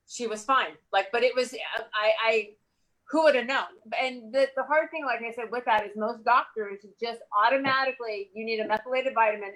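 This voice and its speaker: A woman's voice: on the high side, fairly bright tone, poor audio. A woman nutritionist explaining a client's case in a casual way, checking in with "okay" and "all right" as she goes.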